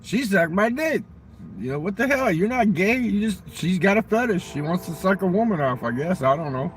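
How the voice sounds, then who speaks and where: A man's voice: high-pitched, lively intonation, moderate pace, slight background noise. A man telling crude stories in a rambling, profane casual monologue, outdoors near a railroad crossing. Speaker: vlogger.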